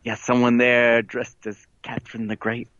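A man's voice: mid-range voice, monotone, moderate pace, fairly bright tone, no room sound, muffled recording, close to an everyday voice. A man doing a boastful wedding planner caller. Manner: boastful, keeps saying "let me tell you something". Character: smug male video game wedding planner. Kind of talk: comedic improv character.

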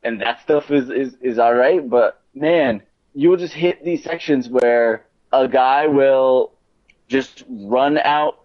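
A man hosting a relaxed podcast chat, wandering through his thoughts with plenty of fillers and self-corrections. His voice sits in an ordinary middle pitch. The recording is a little dull and lo-fi. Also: slow pace. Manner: rambling, many fillers and restarts. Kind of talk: casual chat about video games.

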